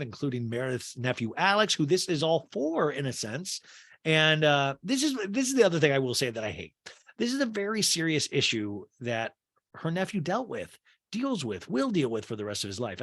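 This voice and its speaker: A man on a comedic podcast, sarcastic and animated, often breaking into laughs. His voice sits a little high and swings widely. The sound is dry and close to the mic. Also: dry recording. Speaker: podcast host. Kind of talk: comedic episode recap.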